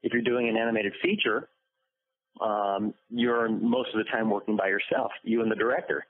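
A man voice actor telling lively stories in an interview, acting out the quotes. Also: fairly low pitch, normal speed. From United States. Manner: lively storyteller, acts out quotes. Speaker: voice actor guest. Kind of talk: interview anecdotes. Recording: dry phone-like line.

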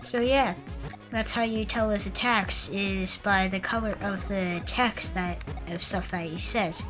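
A woman giving casual commentary on a video game, rambling and halting with lots of fillers. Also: mid-range voice, steady tone, music in the background, low-quality recording. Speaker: let's player.

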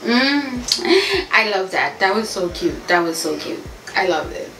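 A woman's voice: medium pitch, sing-song, a little slow, fairly bright tone, echoey room, a little hiss or hum. A woman from Haiti doing a casual beauty unboxing at home, chatty and gushing, calling her viewers y'all. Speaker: beauty vlogger. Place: home room with family noise around.

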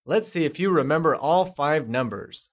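A man narrating a scripted language lesson, modelling words slowly for the listener to repeat. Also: a little high, expressive, lo-fi sound. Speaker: language teacher.

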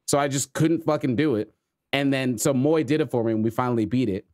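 A man's voice: medium pitch, brisk, a little mellow. A man co-hosting a podcast, rambling casually through a self-deprecating gaming story with some swearing. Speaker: podcast co-host. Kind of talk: casual chat.

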